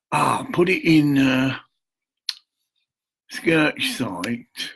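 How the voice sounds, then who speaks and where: An older man with a gravelly, husky voice talks slowly to camera from his home. He rambles, mutters half to himself and swears now and then. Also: medium pitch, lively intonation, a bit bright, poor audio. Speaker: vlogger.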